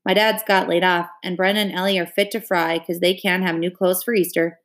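A woman's voice: lowish voice, little pitch movement, brisk, fairly bright tone, lightly acted. A woman reading aloud, voicing a plainspoken country boy in a dry, blunt manner.

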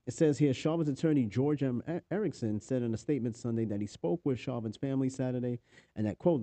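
New york guy reading news off his phone, swears a lot, super dark mellow voice, dry close sound. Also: mid-range voice, no room sound. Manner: profane, offhand, reads articles aloud with asides. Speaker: podcast host. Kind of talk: casual news commentary.

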